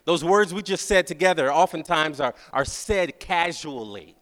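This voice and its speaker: A man's voice: a little high, fairly bright tone. Man preaching with rising "right?" asides. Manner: repeats phrases, asks the crowd "right?"; slow, drawn-out prayer recitation. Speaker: guest speaker. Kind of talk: sermon. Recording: long hall reverb.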